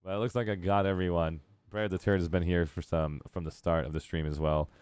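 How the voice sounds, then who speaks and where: A man's voice: low-pitched, flat delivery, fairly quick, darkish tone, clear, resonant tone, dry recording. A man hosting a live gaming stream, chatting casually and rambling with jokes. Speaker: streamer host.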